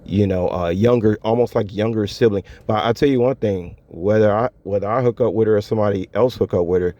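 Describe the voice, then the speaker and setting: Dull lo-fi audio captures a vlogger speaking briskly in a fairly low, dark voice. Alone on camera, he chats casually with viewers in a relaxed, slangy manner, frequently breaking into laughter.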